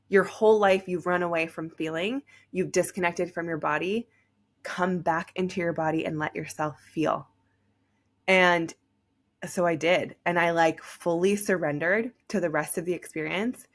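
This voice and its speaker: A young woman hosting a podcast, telling a personal story in a casual, chatty way, full of "like.". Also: fairly low pitch. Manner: chatty, heavy use of "like". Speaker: podcast host.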